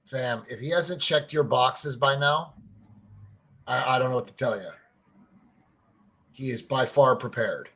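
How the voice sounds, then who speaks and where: A man co-hosting a casual sports podcast, telling stories in an animated way, swearing freely and saying "like" and "right?" a lot. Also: mid-range voice, unhurried, long pauses, slightly rough. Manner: excitable, fan-to-fan talk addressing listeners as family. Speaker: podcast co-host.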